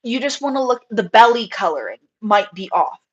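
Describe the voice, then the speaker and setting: Excitable young woman rambling on a live stream. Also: a little high, moderate pace, slightly rough, muffled recording. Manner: excitable, rambling, lots of fillers. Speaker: rabbit breeder hosting a live stream. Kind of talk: casual live-stream chat.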